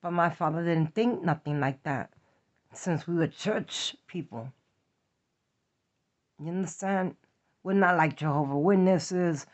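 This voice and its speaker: A woman from New York with a New York accent, telling a personal story in a blunt, profane, emphatic way. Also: on the low side. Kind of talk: confessional story time. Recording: dull lo-fi audio.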